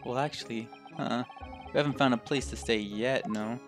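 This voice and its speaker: A man voicing an anxious young Japanese lawyer, speaking low and earnest. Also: brisk, music in the background, close to an everyday voice. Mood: tense. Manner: quiet, tense, earnest.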